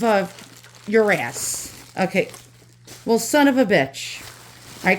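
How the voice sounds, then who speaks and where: A woman's voice: mid-range voice, lively intonation, moderate pace, a little mellow. Ranting woman with a New York accent. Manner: ranting, swings from angry cursing to cheerful. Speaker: antique channel host. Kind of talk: casual unboxing vlog. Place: home with dogs.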